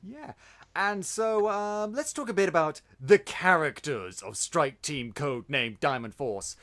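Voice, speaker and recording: A man's voice: a little high, lively intonation, unhurried, a bit bright. A man hosting a podcast, chatting casually in a playful, jokey way. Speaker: podcast host. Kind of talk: casual chat.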